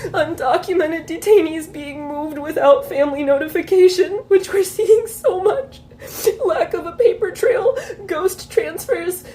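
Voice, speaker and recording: A woman's voice: extremely high pitch, mellow, a little hiss or hum. A young woman content creator, crying as she speaks in an emotional vlog update, her voice shaky and breaking into tearful laughter.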